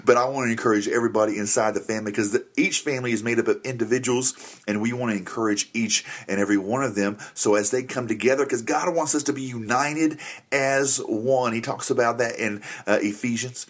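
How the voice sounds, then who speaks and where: A man's voice: medium pitch, fairly quick. A middle-aged man hosting a Christian family podcast, upbeat and jokey, often saying "that's right" as he motivates listeners. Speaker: podcast host.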